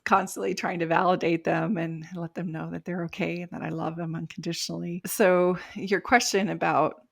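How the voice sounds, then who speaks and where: A woman's voice: on the low side, little pitch movement, moderate pace, vocal fry. A middle-aged woman, a life coach guest on a podcast, talking reflectively and laughing lightly as she explains. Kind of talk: casual podcast interview.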